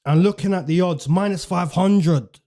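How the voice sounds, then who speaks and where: A man's voice: sits high, moderate pace, warm tone. A man hosting fight predictions in casual, chatty commentary, repeating phrases for emphasis and using slang.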